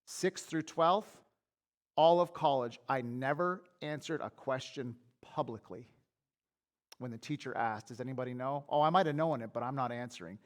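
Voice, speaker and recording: With a medium-pitched voice at normal speed, a man preaches to his church as its pastor, chatting through candid personal stories. He tends to repeat and restart words as he works himself up building a point.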